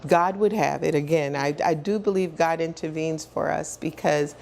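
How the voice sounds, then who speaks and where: A woman in her sixties, a guest in an interview, telling her story with animated energy, acting out what others said and often laughing. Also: deep voice, moderate pace, vocal fry. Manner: animated storyteller who acts out quoted dialogue and repeats words as she builds up.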